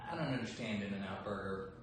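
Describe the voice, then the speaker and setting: Low-voiced man, echoey room, far mic. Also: brisk. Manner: relaxed, joking, playful. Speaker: voice actor answering fan questions. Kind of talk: casual livestream chat. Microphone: phone some distance away. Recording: echoey room, voice from far off, faint background noise.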